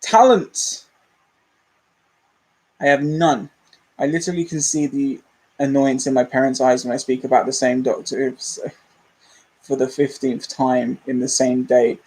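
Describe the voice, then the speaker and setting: A man's voice: mid-range voice, darkish tone, poor audio. A young man, rambling candidly and self-deprecatingly as a movie channel host in a casual livestream chat.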